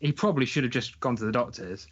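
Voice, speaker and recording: A young man tells a travel story in a loose, amused way, often breaking into laughter. His voice sits at an ordinary pitch. The recording sounds dull and lo-fi. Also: fast talker. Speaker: podcast guest, traveler. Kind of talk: casual storytelling.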